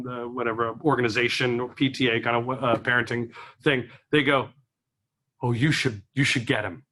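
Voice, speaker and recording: Animated stand-up comedian, bright voice. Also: male voice, mid-range voice. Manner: animated, acts out voices, laughs at own jokes.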